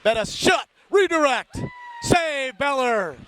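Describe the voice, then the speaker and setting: A man calling a youth hockey game live, rattling off player names, shouting on big plays and chatting to listeners between whistles. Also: extremely high pitch, very animated, slow pace, a little hiss or hum. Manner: chatty asides, greeting listeners by name. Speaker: hockey play-by-play announcer. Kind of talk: live play-by-play commentary.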